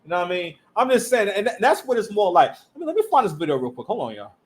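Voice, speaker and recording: A man hosting a reaction commentary, animated and emphatic, talking in street slang. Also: high-pitched, quick pace. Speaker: commentary channel host.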